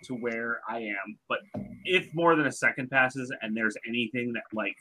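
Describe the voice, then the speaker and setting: A man's voice: medium pitch, normal speed, pushed and bright, rough recording. A man playing in a tabletop game, talking hesitantly and trailing off. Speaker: player. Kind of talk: casual chat in a tabletop game.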